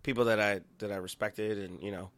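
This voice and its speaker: A man's voice: lowish voice, fairly even intonation, brisk, a bit bright, dry recording. A stand-up comedian from Queens, chatting casually as a guest, laughing often and swearing freely. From Queens, New York. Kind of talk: casual chat.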